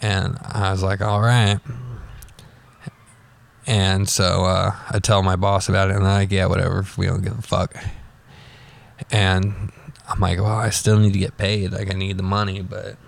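A man's voice: low voice, monotone, unhurried, creaky. A young man telling a personal story in a rambling, offhand way, swearing freely. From United States.

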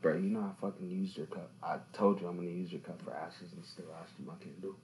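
A young man hosts a laid-back podcast chat with a lowish voice. He tells stories in loose slang and keeps jumping into loud, animated outbursts. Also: quick pace, slight background noise, low-quality recording. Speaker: podcast host.

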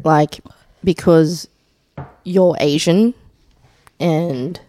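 A woman co-hosting a podcast in casual chat, teasing and laughing often. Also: low-pitched. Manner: slow, lively, laughs often. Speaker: podcast co-host.

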